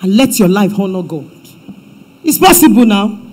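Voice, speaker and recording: A woman pastor with a Nigerian accent preaching a sermon in church, emphatic and swinging between loud declarations and hushed asides. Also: mid-range voice, big pitch swings, moderate pace, low-quality recording.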